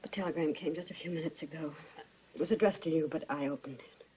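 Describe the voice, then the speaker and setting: An actress playing a gentle, composed middle-aged mother, speaking softly and measuredly in 1940s studio film acting. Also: low-pitched, quick pace, lightly acted. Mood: somber. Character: gentle, composed mother of two grown daughters. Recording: dull 1940s film soundtrack with faint hiss.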